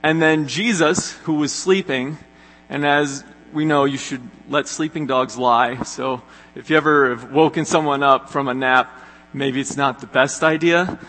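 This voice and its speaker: Young male youth pastor, earnest and chatty, bright voice, hall reverb. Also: medium pitch, steady tone, a little slow. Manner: earnest, conversational, many fillers. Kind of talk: sermon. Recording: echoey hall with long reverb.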